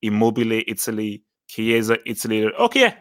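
A man's voice: on the low side, big pitch swings, fairly quick, a bit bright. A man in casual football chat, thinking aloud and often stammering and restarting as he works through names. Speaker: podcast co-host.

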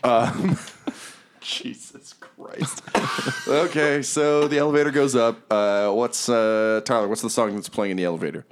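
A man's voice: mid-range voice, fairly even intonation, normal speed, few pauses. A man narrating as game master in a casual tabletop session, talking hesitantly with many ums and uhs.

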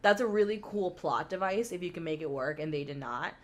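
A woman's voice: fairly low pitch, expressive, brisk. A young woman co-hosting a casual chat about movies, talking chattily with many fillers and frequent laughs. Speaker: podcast co-host.

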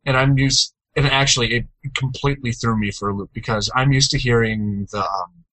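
Young male co-host, bright and dry-sounding, playful jokey delivery, casual gaming chat. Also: fairly even intonation, a little fast, dry recording, rough recording. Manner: jokey, jumps into playful high-pitched outbursts.

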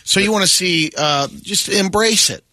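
Higher, bright-voiced man tossing dry one-liners. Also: moderate pace, no echo. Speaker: radio co-host. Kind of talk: morning radio banter.

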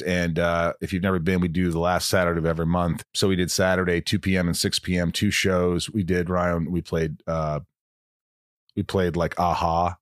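A man with a very low voice hosts a podcast in easygoing chat. He rambles and jokes at his own expense. The sound is dry and close. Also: dry recording. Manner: rambling, with self-deprecating humor. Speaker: podcast host.

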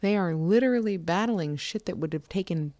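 Low voiced woman on a podcast, talks fast and excited, restarts a lot, dry sound. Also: no echo. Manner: animated, thinks aloud with restarts. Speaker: podcast co-host. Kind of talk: casual chat.

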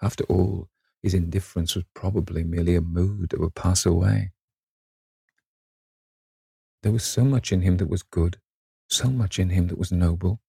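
A man reading a classic novel aloud as audiobook narrator, in a measured, even manner. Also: low voice, creaky, husky, no echo, clean studio sound. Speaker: audiobook reader.

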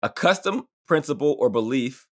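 A man co-hosting a sports podcast in casual chat, animated and laughing as he reads words and definitions. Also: mid-range voice, normal speed. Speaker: podcast co-host.

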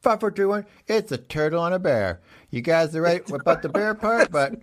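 A man hosting a comedy talk show in a mock-serious, deadpan way, playfully bossing his guest around. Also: a little high, normal speed.

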